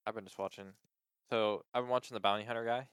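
A man in casual chat, telling a story in an animated way and filling his talk with "like". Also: fast talker, clean tone, no room sound, studio quality. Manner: animated storyteller, acts out quoted people in high voices, heavy use of "like".

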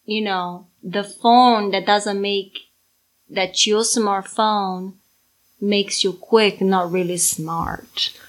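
A woman's voice: medium pitch, steady tone, drawn-out words. A Brazilian woman, a mother co-hosting a podcast, chatting casually and teasing her daughter. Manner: teasing, playful. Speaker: podcast co-host. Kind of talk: casual chat.

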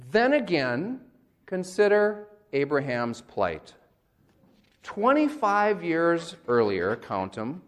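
A male pastor giving a conversational, wry sermon and acting out quotes. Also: mid-range voice.

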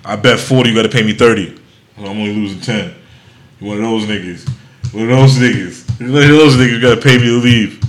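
A man's voice: on the low side, fast talker, roomy sound. A man hosting a podcast, telling rowdy stories in casual chat, acting out quotes and laughing often. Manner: loud animated storytelling, acts out quotes, laughs often. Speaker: podcast host.

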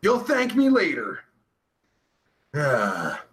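A man's voice: sits high, big pitch swings, measured pace, gravelly, a bit bright. A man hosting a live stream, chatting casually with a crude, blunt, profane manner. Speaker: live-stream host reading viewer questions. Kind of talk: casual chat.

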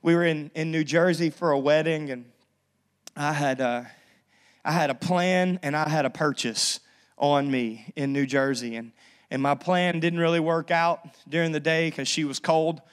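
Young guy pastor giving an animated sermon, kinda high voice, keeps restarting mid-sentence. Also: moderate pace. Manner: animated, energetic storyteller with frequent restarts. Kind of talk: sermon with personal storytelling.

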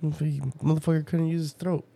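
A man's voice: a little high, level tone, quick pace, creaky, mellow, no echo. A young man co-hosting a podcast, loose and crude with a lot of giggling. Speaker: podcast co-host. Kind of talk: casual podcast banter.

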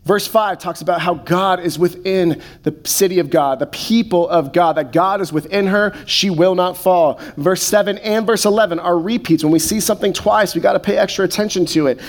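A man in his thirties preaching a sermon, slowing to soft, deliberate pauses on key phrases. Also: high-pitched. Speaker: pastor.

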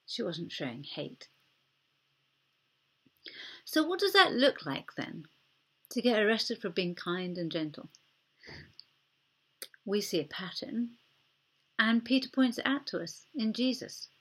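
Husky-voiced woman preaching conversationally. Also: fairly high pitch, sing-song, a little slow, long pauses, fairly bright tone. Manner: conversational, earnest, acts out short quoted exchanges. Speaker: pastor. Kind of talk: sermon.

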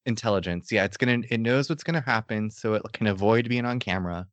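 A man's voice: lowish voice, fast talker, no room sound, lo-fi sound. A man co-hosting a podcast over a remote call, chatting casually and joking about a documentary, laughing often. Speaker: podcast co-host. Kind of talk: casual chat reviewing a documentary.

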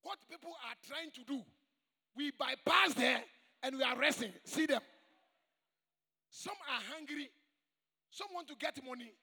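A man preaching a sermon to a church congregation, emphatic and call-and-response, with shouted high points. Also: a little slow, gravelly, pauses often. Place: large church hall. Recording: long echoing church reverb.

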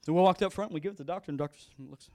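Emphatic preaching man, fairly high voice. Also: racing, a little mellow, no echo. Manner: emphatic, repeating exhortations. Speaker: pastor. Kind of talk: storytelling sermon.

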